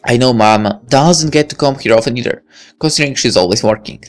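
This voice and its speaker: A woman reads a visual novel aloud, voicing a reflective high school senior girl in a musing, inner-monologue style. Brisk, faint music plays behind her.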